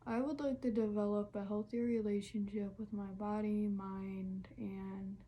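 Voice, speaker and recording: A woman's voice: medium pitch, flat delivery, unhurried, mellow, a little hiss or hum. A young woman answering questions in a casual solo vlog, chatty and candid with lots of fillers, sometimes dropping to a near whisper. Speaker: vlogger.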